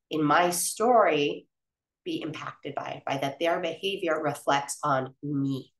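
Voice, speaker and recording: A woman's voice: deep voice, far from the mic. Earnest woman coaching in a roomy space. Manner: earnest and personal, tells stories from her own life. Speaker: wellness coach. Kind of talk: coaching talk.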